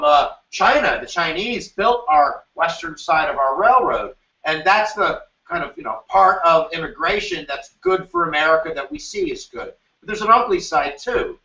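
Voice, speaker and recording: Man, history teacher, exam review lecture, animated, jokey, dull lo-fi echoey sound. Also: fairly high pitch. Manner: animated, jokey, acts out quoted voices. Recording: roomy, distant, dull sound.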